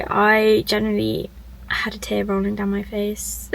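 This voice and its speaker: A woman's voice: mid-range voice, little pitch movement, a little slow, vocal fry, fairly bright tone. A woman vlogging her reactions while reading, chatty and emotional, often exclaiming. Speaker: book vlogger. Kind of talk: casual reading-reaction vlog. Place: at work on a lunch break.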